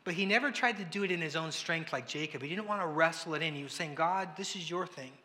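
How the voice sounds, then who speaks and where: Bright-voiced preacher in an echoey hall. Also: male voice, fairly high pitch, fast. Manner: conversational preaching, acting out quoted voices, swings between loud and hushed. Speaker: pastor. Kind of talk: sermon.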